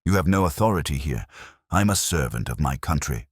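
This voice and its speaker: A man's voice: rumbling low, lively intonation, a little slow, no room sound, studio quality, full character voice. A man voicing a proud, cornered French army colonel with a French accent, defiant and haughty. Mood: furious.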